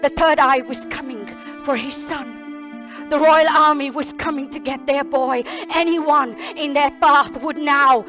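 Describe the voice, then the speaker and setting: A woman's voice: high voice, steady tone, unhurried, music in the background. A woman playing a bumbling, blustering hunter, speaking Indian English in a fussy, rambling, repetitive way. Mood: grim. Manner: fussy, rambling, repeats herself. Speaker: solo stage performer. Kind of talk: one-woman stage play.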